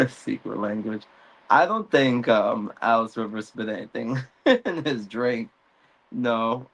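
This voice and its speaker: A man hosting a casual recap chat, speaking slowly in an unhurried drawl. He chuckles often and leans on fillers as he works through the story, his pitch sitting in a middle range. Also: low-quality recording. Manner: relaxed, chuckling, many fillers. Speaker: host of a recap show.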